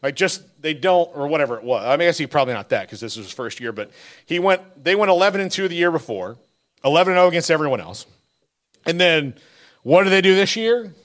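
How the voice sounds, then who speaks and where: A man's voice: on the high side, fast talker. A man co-hosting a sports podcast, telling stories in casual chat and laughing through them. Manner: animated storyteller, laughs through his anecdotes. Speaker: podcast co-host.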